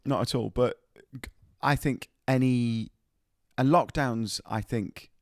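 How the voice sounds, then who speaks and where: A man co-hosting a podcast, chatting casually and joking with quick laughs about life as a touring musician. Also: medium pitch, darkish tone, no room sound, clean studio sound. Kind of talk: casual chat.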